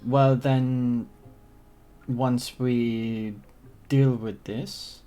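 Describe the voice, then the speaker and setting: A man speaking in character during a tabletop game. His phrasing is formal and courteous, delivered slowly and deliberately at a middle pitch. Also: level tone, dark tone, soft background music. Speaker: player. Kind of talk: in-character tabletop role-play.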